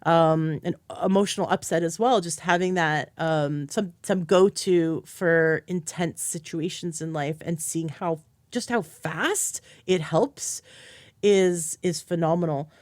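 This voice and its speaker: A woman host who talks in an eager, chatty stream and sometimes acts out what others said. Her voice sits a little low. The sound is close and dry, with no room around it. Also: slow, darkish tone, no room sound. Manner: enthusiastic, chatty, acts out quoted speech. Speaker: podcast host and health coach. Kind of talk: casual interview chat.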